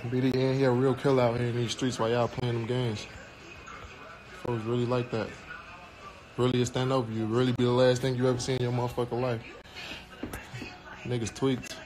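A man's voice: mid-range voice, a little mellow. A young man casually chatting on a livestream from his home, talking loose, profane and rambling. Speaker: livestream host. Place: indoors at home. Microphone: phone. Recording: noisy phone livestream audio.

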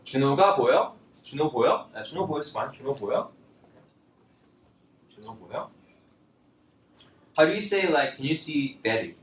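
A man teaching a casual language lesson, talking in a loose, chatty way with lots of fillers and lively bursts when he quotes phrases. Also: mid-range voice, racing, long pauses, far from the mic. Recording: roomy, from off-mic, faint background noise.

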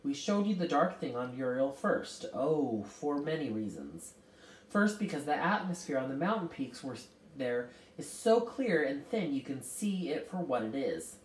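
A woman voicing a kindly, motherly old celestial being who comforts children, speaking gently. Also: extremely low pitch, very animated, measured pace, slight background noise, full character voice. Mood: gentle. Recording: roomy, distant mic.

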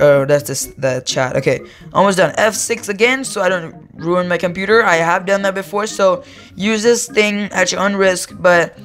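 Teen boy yapping over a game, kinda high voice, trips over his words a lot. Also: a bit bright. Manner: rambling, self-correcting, easily amused. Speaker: gaming YouTuber. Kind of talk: casual gameplay commentary.

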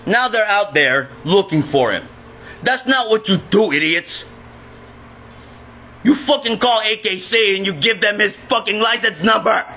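A man filming himself in an agitated, profane rant that often breaks into shouting. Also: high voice, expressive, measured pace, a little hiss or hum. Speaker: vlogger. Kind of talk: angry self-filmed rant.

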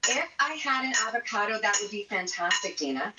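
A woman's voice: mid-range voice, sing-song, brisk, roomy sound, far from the mic, very noisy. A woman cheerfully demonstrating a no-cook recipe on a morning TV show, chatting casually with jokes about herself. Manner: chatty, upbeat, self-deprecating humor. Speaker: cooking segment guest. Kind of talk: casual cooking demo chat.

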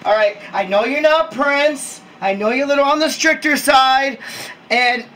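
Casting: a man as a very high, bright, shouty hype man, recorded far from a hissy mic. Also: normal speed. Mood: hyped. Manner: shouty, excitable, slangy. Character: loud hyped-up male wrestling hype man. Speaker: wrestling staff character. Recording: distant mic with hiss.

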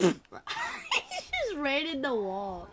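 Excitable, crude gamer woman, slow and high. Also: background noise. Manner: excitable, crude, laughing, yelling. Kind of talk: casual gameplay commentary.

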